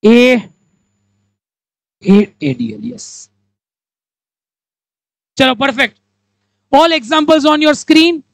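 Her high, gravelly voice drives a playful live lesson as she acts out examples in character and peppers students with fast questions. She has an Indian English accent, and the recording is rough with no room sound.

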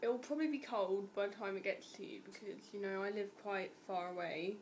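A teenage woman vlogging casually to camera in a deadpan, rambling, silly way. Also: medium pitch, fairly quick, a little hiss or hum.

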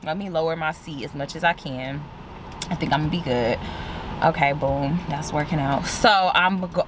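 A woman vlogging casually from inside her car, sore and recovering after surgery, chatty and animated, addressing viewers as "y'all" and "girl". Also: low voice, background noise. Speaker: beauty vlogger. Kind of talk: casual vlog chat to camera.

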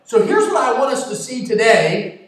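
A man, a pastor, preaching a sermon and slowing down to stress key scripture phrases. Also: very high voice, very animated. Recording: very echoey, distant mic.

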